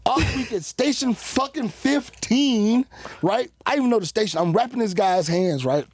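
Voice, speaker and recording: A man telling stories as a podcast guest, animated and profane, laughing often as he talks. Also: sits high, normal speed, no echo, studio quality. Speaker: guest cutman. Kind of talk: casual podcast storytelling.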